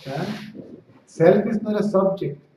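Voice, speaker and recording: A man's voice: high voice, a little slow, dark tone. A man giving a spiritual talk to a small group, speaking conversationally and often checking in with his listeners. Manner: conversational, frequent "right?" and "see?" checks; acts out dialogue in stories. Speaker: spiritual teacher. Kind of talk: satsang talk to a small audience. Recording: distant echoey room, dull lo-fi with faint noise.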